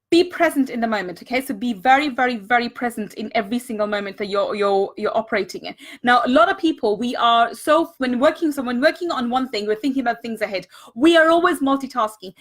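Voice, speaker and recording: Woman, bright high voice, earnest live-stream coach, leans on repetition. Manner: earnest, repeats words for emphasis; greets viewers and thanks them mid-talk. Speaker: money mindset coach.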